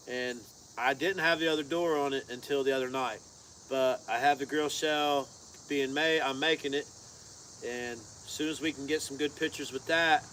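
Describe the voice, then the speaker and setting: A man's voice: on the high side, a bit bright. A man co-hosting a casual live chat, talking in a folksy, rambling, drawling way. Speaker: co-host of a car-build channel. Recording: faint outdoor insect noise.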